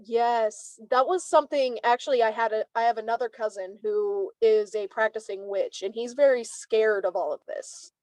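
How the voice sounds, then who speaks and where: A woman in her twenties tells her stories as an interview guest, chatty and lively, leaning on "like" as she goes. Her voice sits a bit high. The sound is dry and close, with no room around it. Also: normal speed, few pauses, no echo, poor audio. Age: 20s. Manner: animated, chatty, many "like" fillers, laughs often. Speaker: guest, tarot reader. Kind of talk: casual interview storytelling.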